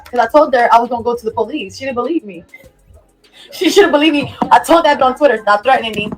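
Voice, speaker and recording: A woman's voice: high voice, quick pace, faint music behind, rough recording. A woman venting angrily in casual speech, repeating herself and swearing as she tells her side. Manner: heated, repetitive, swears freely. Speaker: singer defending herself in a played clip. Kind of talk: angry venting rant.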